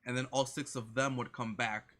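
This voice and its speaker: Bright-voiced man laying out plans step by step. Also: medium pitch, steady tone, normal speed. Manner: lays out plans step by step, repeats himself. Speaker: co-host of a reaction channel. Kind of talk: casual chat.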